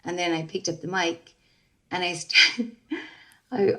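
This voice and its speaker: Woman, lowish voice, reflective, lots of fillers and restarts, podcast guest. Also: slow, sharp tone. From Ireland. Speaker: singer-songwriter guest. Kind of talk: casual interview chat.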